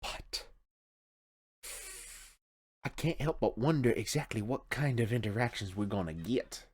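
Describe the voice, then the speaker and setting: A man's voice: lowish voice, animated, measured pace, husky. A man hosting a reaction video, rambling casually in late-night commentary. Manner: rambling, chuckling, tired late-night talk.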